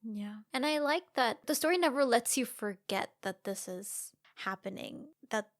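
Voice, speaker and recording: A woman's voice: fairly high pitch, animated, moderate pace. A young woman co-hosting a podcast, chatting casually about a film with wry, thoughtful remarks. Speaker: podcast co-host.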